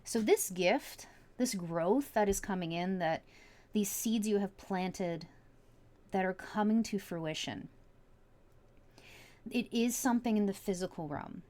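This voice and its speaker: A woman's voice: medium pitch, a little slow, pauses often, a little mellow. A woman giving a casual tarot reading from home, musing aloud as she turns over each card. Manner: chatty, musing aloud with many likes and you-knows. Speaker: tarot reader.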